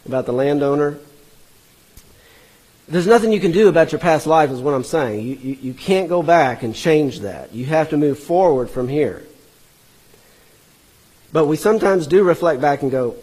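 Husky man teaching a Bible passage. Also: fairly high pitch, expressive, moderate pace, a little mellow, poor audio. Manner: earnest, explanatory, stops to correct himself.

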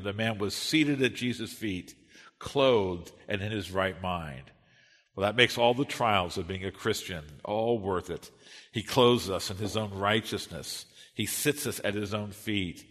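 A man preaching a sermon and reading scripture aloud in an earnest, measured way. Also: on the low side, fairly bright tone, long reverb tail. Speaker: pastor.

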